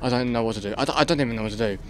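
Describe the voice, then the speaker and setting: A man's voice: mid-range voice, racing, slight background noise. A man hosting a gaming channel, giving let's play commentary in a frantic, swearing way and muttering to himself as he plays.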